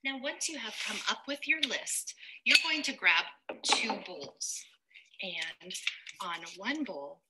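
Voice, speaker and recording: A woman teacher giving lively step-by-step instructions for a reading game, addressing the parent directly. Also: on the low side, heavy background noise.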